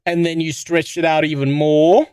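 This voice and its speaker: A man's voice: a little high, flat delivery, normal speed, a little mellow, clean tone, no room sound, studio quality. A man streaming casual reaction commentary, rambling and sarcastic with a lot of swearing.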